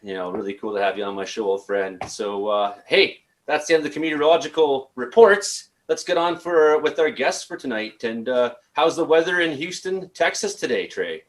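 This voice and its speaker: A man from Canada hosting a casual call-in show, talking haltingly with many fillers and restarts. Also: medium pitch. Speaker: show host.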